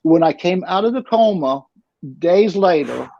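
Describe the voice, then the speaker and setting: A middle-aged man tells his story in a gravelly, slightly raised voice, circling back and repeating himself as he goes. The recording is dull and lo-fi, and the sound is dry and close. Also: sits high, animated, unhurried, dark tone, dry recording. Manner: rambling, repeats and restarts words. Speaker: interview guest. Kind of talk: casual storytelling.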